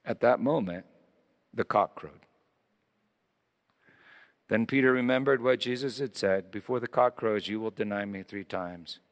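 A man preaching a sermon, reading scripture dramatically, rising loud and high in quoted lines and dropping to a hush in tender ones. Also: unhurried, long pauses. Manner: dramatic scripture reading, swelling then hushed. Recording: long hall reverb.

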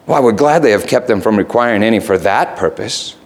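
A man reading aloud and voicing Mister Vane, a flustered, defensive gentleman who stammers and pleads his excuses. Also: fairly low pitch, lively intonation, quick pace.

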